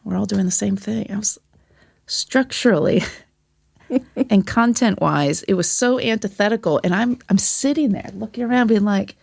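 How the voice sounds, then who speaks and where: A woman's voice: medium pitch, moderate pace, vocal fry, a little mellow, no echo, clean studio sound. A woman talking as a podcast guest and former teacher, candid and profane, acting out the voices of people she quotes. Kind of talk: casual conversation.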